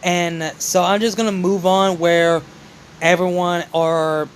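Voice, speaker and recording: A man's voice: high voice, little pitch movement, slow pace, a little hiss or hum, low-quality recording. A young man casually narrating his own fan-made story, rambling and correcting himself often. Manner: rambling, repeats "just", self-corrects.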